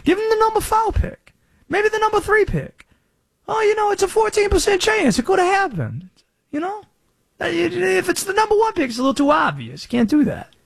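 A man's voice: very high-pitched, big pitch swings, brisk, gravelly, dry recording, studio quality, voice pushed up, exaggerated voice. A man doing a drawling Southern conspiracy pundit. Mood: insistent. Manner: drawling, theatrical, rhetorical questions. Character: conspiracy-minded Southern male sports pundit, theatrical. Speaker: sports radio host. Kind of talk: sports talk radio bit.

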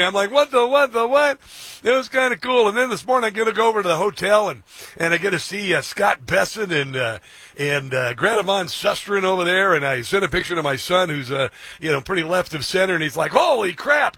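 A male talk radio host chatting in a casual, rambling, excitable way, laughing often. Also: fairly high pitch, slightly rough, dry recording.

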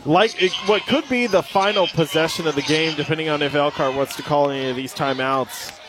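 A man calling a high school football game live, lively and joking, reading sponsor spots between plays. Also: fairly quick, noisy background. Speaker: play-by-play announcer.

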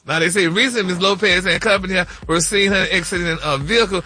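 A man's voice: sits high, fast talker, bright, forceful tone. A man hosting a celebrity gossip segment on the radio, sassy and full of "honey" and "y'all". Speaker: celebrity news host.

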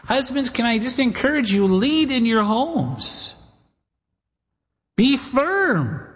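High-voiced pastor preaching in a reverberant hall. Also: male voice, sing-song, slow, a bit bright. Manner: earnest, addresses listeners as guys and gals, acts out quoted voices. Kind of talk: sermon.

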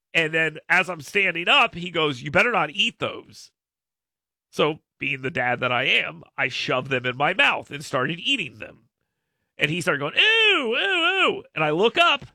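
Gravelly, bright-voiced man telling rambling stories. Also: fairly high pitch, dry recording, clean studio sound. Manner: rambling, self-mocking storyteller. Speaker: radio show host. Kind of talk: casual chat with co-hosts.

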